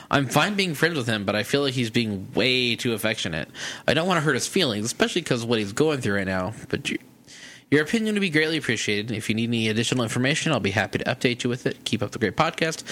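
A man hosting a podcast who reads a listener's email aloud in an animated way and laughs between lines. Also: mid-range voice. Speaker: podcast host.

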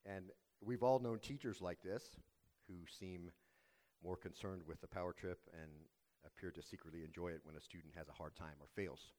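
A man preaching a sermon as pastor, telling a story in a measured, earnest way. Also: low-pitched, steady tone, a little mellow.

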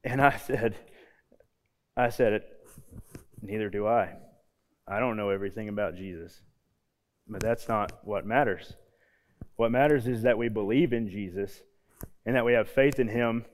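A man's voice: normal speed, long pauses. Man preaching in a reverberant church hall. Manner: casual storytelling, drops soft and low on key points. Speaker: youth pastor. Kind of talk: sermon.

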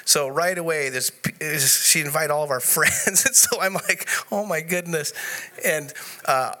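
Man, conference speaker, bright and lively, slightly high voice, storytelling with laughs. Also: unhurried. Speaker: conference speaker sharing testimony. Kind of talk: live conference talk. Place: conference room before an audience.

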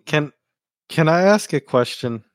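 A man's voice: fairly high pitch, animated, unhurried, no echo, clean studio sound. A man playing in a tabletop game, asking a curious, amused question. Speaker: player.

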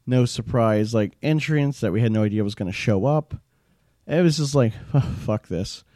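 A man's voice: mid-range voice, moderate pace, dark tone, no room sound, studio quality. A young man ranting casually as a show host, rambling, profane and exasperated. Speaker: show host reviewing wrestling. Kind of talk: casual rant.

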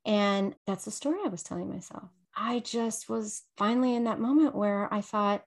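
Middle-aged woman, podcast guest, animated storyteller, average pitch. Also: moderate pace, hardly any pauses. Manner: animated storyteller who acts out quoted voices. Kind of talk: casual interview conversation.

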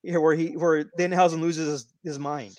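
A man's voice: a little high, flat delivery, moderate pace, no echo. Rambling man telling a long story. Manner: rambling storyteller with many restarts. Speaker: podcast co-host. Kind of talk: casual wrestling podcast chat.

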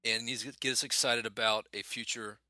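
Rambling bright-voiced man, dry sound. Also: medium pitch, steady tone, brisk, no echo. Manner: loose, rambling, swears casually. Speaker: podcast co-host. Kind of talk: casual chat about movies.

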